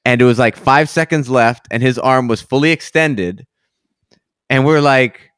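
A man hosting a casual interview, relaxed and slangy, laughing easily. His voice is smooth and clear at a middle pitch. The sound is dry and close. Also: moderate pace, no echo. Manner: laid-back, friendly slang, laughs easily. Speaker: podcast host.

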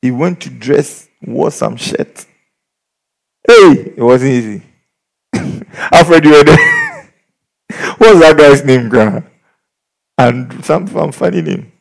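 A man's voice: a little high, takes it slowly, gravelly, long pauses. A man preaching a sermon, telling stories and acting out the people in them. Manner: animated storytelling, acts out quoted people.

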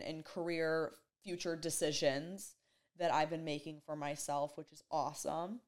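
A young woman vlogging, telling a personal story in a rambling, emotional way, full of "like". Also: deep voice. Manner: rambling and emotional, heavy use of "like". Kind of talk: casual storytelling to camera.

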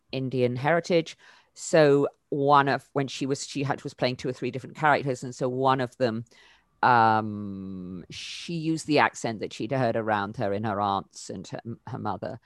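A woman's voice: a bass voice, dry recording, clean studio sound. A woman, a voice coach answering interview questions thoughtfully, with many fillers and restarts and sudden emphatic lifts.

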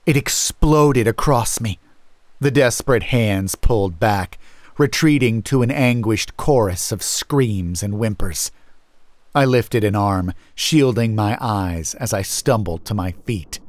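Slow, low-voiced male horror narrator. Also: no room sound. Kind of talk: first-person horror narration.

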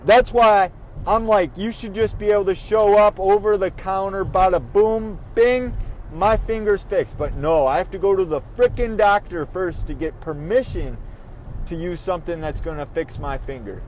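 A man's voice: high voice, normal speed, a little hiss or hum, poor audio. A man vlogging from his car, ranting in an irritated, profane way while he drives. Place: in a car on the road.

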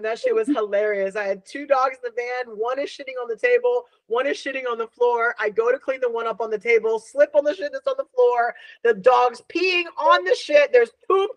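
A woman in her thirties hosting a podcast and chatting casually as a dog groomer, telling stories in a profane, animated way. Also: on the high side, moderate pace, dry recording, dull audio. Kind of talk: casual chat.

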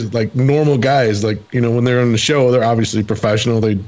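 A man's voice: medium pitch, steady tone, fast, few pauses, a little mellow. A race team man telling a story in a casual, easygoing way. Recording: slightly muffled audio.

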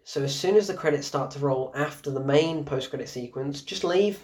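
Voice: medium pitch, a little fast, a little mellow. A film reviewer ranting casually and sarcastically about a movie, exasperated, laughing at it, rambling through restarts. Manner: rambling with frequent restarts and fillers.

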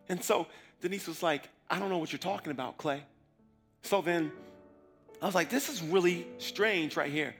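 A man's voice: on the high side, brisk, a bit bright, soft background music. A man telling a personal faith story in a casual way, acting out his own past words as quotes. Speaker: person giving a testimony.

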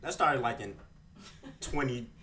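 A man's voice: medium pitch, unhurried, roomy sound, distant mic, a loud crowd. A man co-hosting a casual podcast, making laid-back, drawling asides. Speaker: podcast co-host. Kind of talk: casual chat.

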